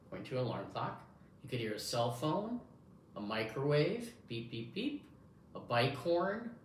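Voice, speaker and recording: A man walks a listener through a hearing test in an encouraging way, as if talking to a young child, and his pitch rises and falls a lot as he talks. He was recorded in an echoey room with a faint hiss behind him. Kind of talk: demonstrating a test to an examinee.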